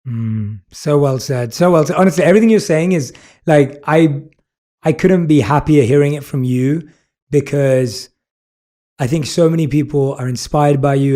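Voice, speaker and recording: A man's voice: mid-range voice, normal speed, warm tone. A British man hosting an interview, talking earnestly and with lots of praise. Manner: earnest, effusive, reads aloud from a book. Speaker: podcast host. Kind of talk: casual interview chat.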